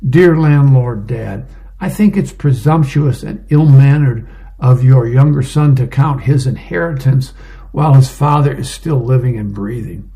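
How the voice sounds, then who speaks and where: A man's voice: mid-range voice, moderate pace, mellow. A man casually reading an advice column and newspaper comics aloud, describing each panel with small fillers.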